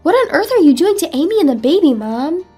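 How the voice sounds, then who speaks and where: A woman's voice: sits high, sing-song, fairly quick, a little mellow, soft background music. A woman voicing a stern female lawyer who firmly scolds her own mother. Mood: indignant. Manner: firm and indignant. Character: stern female lawyer, protective sister-in-law.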